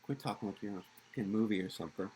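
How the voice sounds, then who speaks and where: A man's voice: on the low side, racing, a little mellow, a little hiss or hum, natural voice, low-quality recording. A man doing a furious swearing young delinquent. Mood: angry. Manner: aggressive, profane. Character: hot-tempered young male delinquent, swearing and threatening.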